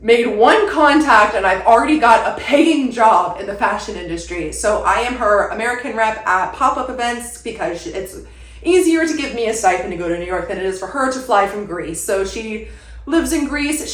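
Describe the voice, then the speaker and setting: A woman's voice: fairly high pitch, lively intonation, normal speed, a bit bright. A young woman chatting casually to her viewers from a room at home, rambling and filling her talk with "like". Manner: chatty, rambling, lots of "like" fillers. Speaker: content creator. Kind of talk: casual vlog chat. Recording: roomy echo.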